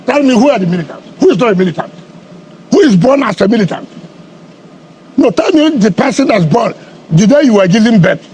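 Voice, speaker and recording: A middle-aged man with a notably high voice and a combative edge, hammering out rhetorical questions and repeating himself for emphasis. He answers in a heated media interview. Faint noise hums underneath. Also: lively intonation, a little fast, long pauses, a little mellow. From Nigeria. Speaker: politician being interviewed.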